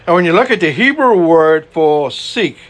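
A man's voice: fairly high pitch, expressive, moderate pace. A man with a Cajun accent preaching a conversational sermon, full of asides and rhetorical questions. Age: older. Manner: conversational, frequent "you know", rhetorical questions.

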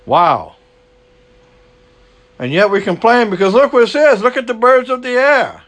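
A man's voice: extremely high pitch, lively intonation, measured pace, fairly bright tone. A man preaching a sermon, earnest and repetitive, stretching words for emphasis.

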